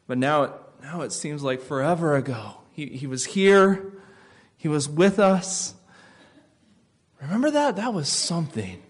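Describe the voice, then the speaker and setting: A man voicing a grieving male disciple who remembers with excitement and then drops to a disbelieving whisper. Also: medium pitch, normal speed, few pauses, close to an everyday voice. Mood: wistful.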